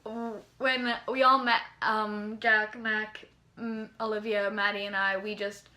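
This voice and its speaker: A young woman vlogger from Canada excitedly telling a story in casual chat, rambling with lots of "like"s. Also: medium pitch, unhurried.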